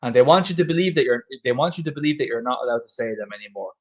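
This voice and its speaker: A man's voice: medium pitch, lively intonation, very fast, highs cut off. A young man chatting casually and emphatically, swearing often and repeating himself as he makes his point. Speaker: host. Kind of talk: casual pub chat.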